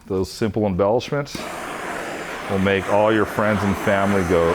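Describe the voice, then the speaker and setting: A man, a craft instructor, talking through an epoxy resin demonstration step by step in a relaxed way. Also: deep voice, normal speed, background noise.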